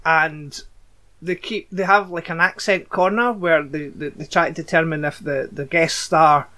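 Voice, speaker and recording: Scottish man, high voice, blunt podcast host. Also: steady tone, measured pace, bright, forceful tone. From Scotland. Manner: dry, blunt, sweary asides. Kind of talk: casual podcast chat, reading plot recaps.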